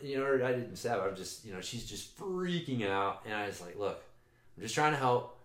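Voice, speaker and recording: A man's voice: mid-range voice, lively intonation, normal speed. A man in casual chat, telling a long rambling story with swearing and frequent restarts. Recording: roomy echo.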